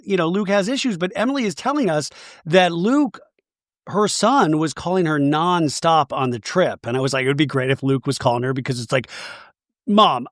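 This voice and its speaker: A man's voice: fairly high pitch, no room sound, clean studio sound. A man hosting a podcast, casually recapping a reality show episode in a chatty, self-deprecating way. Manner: chatty and self-deprecating, quotes cast members in their own voice.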